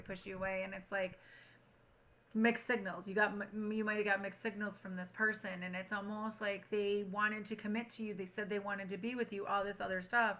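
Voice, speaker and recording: A woman runs a tarot reading straight to camera in an easy, rambling chat. Her voice is bright and forward, with a medium pitch. She speaks frankly, and swears casually mid-thought. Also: low-quality recording. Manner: chatty, frank, swears freely. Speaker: tarot reader.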